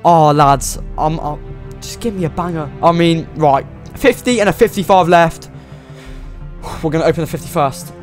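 A young man giving excitable, pleading commentary while opening game packs, full of exclamations and slang. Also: a little high, moderate pace, soft background music. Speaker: gaming YouTuber.

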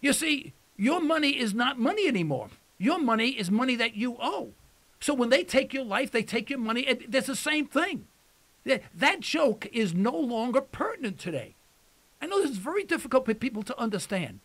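A man hosts a call-in radio talk show, his voice pitched high for a man. He talks in a folksy, emphatic way and repeats phrases to drive them home. His voice is starting to wear out. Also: sing-song, normal speed, fairly bright tone.

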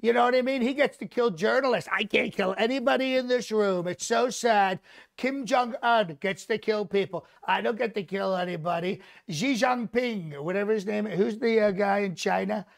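A man's voice: sits high, normal speed, creaky. A comedian playing a bragging, rambling older male politician, hosting a live mock press conference. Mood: boastful. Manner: bragging, repetitive, rambling asides.

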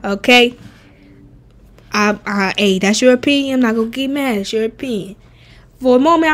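A woman streamer chatting casually and bluntly while ranking game characters, animated and profane. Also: a little high. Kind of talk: casual game tier-list chat.

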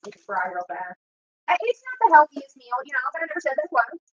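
While cooking at home on a livestream, a woman YouTuber launches into a confrontational, rambling, profanity-laden rant from her kitchen. Her high voice swings hugely in pitch and she speaks fast. The dull, lo-fi audio is dry, with no echo.

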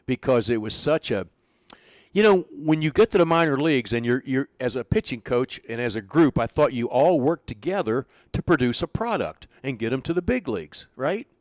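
An older man, a former pitching coach, telling stories in an interview and acting out the lines of people in them. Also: no room sound. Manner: animated storyteller, acts out quoted dialogue. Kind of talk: storytelling in an interview.

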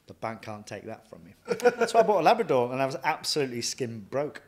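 A man, a chef and restaurant owner, telling stories from his career in a lively way, often acting out what he thought and said. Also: medium pitch, fast talker, few pauses. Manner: lively anecdotal, quotes himself often. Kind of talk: casual interview storytelling.

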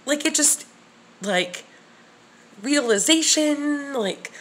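A woman's voice: sits high, slow pace, a bit bright. A woman recording her first vlog at her desk, nervous and shaky, rambling with restarts and whispered asides to herself. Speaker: channel creator. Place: home room at a desk. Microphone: at her desk facing camera.

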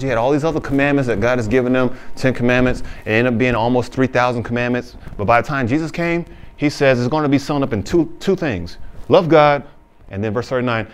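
A male pastor preaching a sermon, reading scripture slowly and then explaining it in casual, plain talk. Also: medium pitch. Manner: casual informal phrasing.

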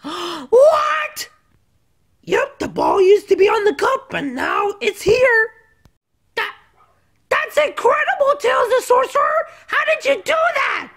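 Sticks, a shouty, excitable badger girl, as a woman voices her. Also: very high-pitched, measured pace, hardly any pauses, full character voice. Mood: amazed. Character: young female badger, excitable and skeptical. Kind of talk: plush toy skit.

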